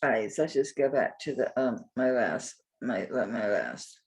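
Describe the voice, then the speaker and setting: An older woman with a husky voice runs a live jewelry sale, talking slowly and mostly to herself. Her pitch rises and falls widely, and she drops in some mild cursing as she goes. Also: lively intonation, a little mellow. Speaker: jewelry seller. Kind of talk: live sale, chatty self-talk while looking up items.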